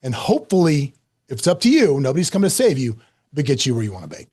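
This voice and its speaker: Animated, lively male storyteller. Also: medium pitch, fast, slightly rough. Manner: lively, self-mocking, acts out quotes. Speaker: podcast guest, author.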